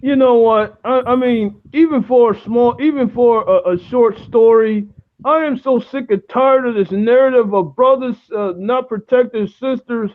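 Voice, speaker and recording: A woman's voice: on the high side, moderate pace. A woman speaking as a guest in a casual discussion, indignant and fed up. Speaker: panel guest. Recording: tinny phone line.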